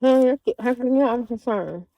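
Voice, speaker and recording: A woman's voice: fairly high pitch, moderate pace, dry recording, dull audio. A woman livestreaming in a casual chat, drawling and talking back to her viewers.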